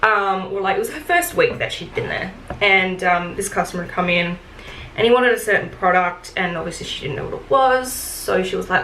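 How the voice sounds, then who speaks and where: A woman's voice: medium pitch, brisk, pushed and bright, slight background noise. Chatty woman ranting about retail. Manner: chatty and frank, full of fillers and swearing. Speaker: retail worker telling stories. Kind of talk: casual get-ready-with-me rant. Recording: echoey room with faint ambience.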